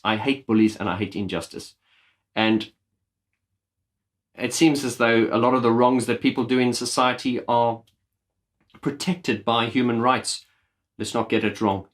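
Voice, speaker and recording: A man's voice: mid-range voice, normal speed. A man hosting his own video channel, talking straight to camera in an earnest, impassioned rant and swearing bluntly. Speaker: YouTube channel host. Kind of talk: direct-to-camera vlog talk.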